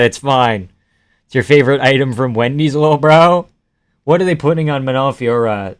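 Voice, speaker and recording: A young man chatting casually and profanely on a live fight reaction stream, joking and yelling at the screen. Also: medium pitch, moderate pace. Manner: excitable, profane, laughing, yells at the screen.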